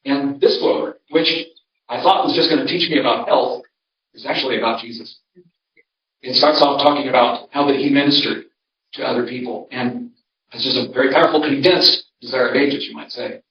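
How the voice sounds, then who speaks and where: A man's voice: mid-range voice, moderate pace. An older man, a pastor, giving a conversational seminar talk in a church and telling homespun stories with many restarts. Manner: conversational, storytelling, frequent restarts. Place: church hall. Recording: roomy, distant, dull sound.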